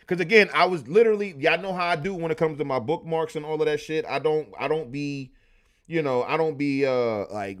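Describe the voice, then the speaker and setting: A man's voice: a little high, fairly bright tone. A man hosting a casual livestream, reading old newspaper clippings aloud and retelling stories in loose, profane slang. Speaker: livestream host.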